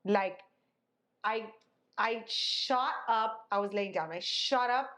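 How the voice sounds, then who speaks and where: A woman's voice: on the high side, slow, a bit bright. A young woman co-hosting a podcast, telling a story in casual chat. She tells it dramatically and acts out the people she quotes. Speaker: podcast co-host.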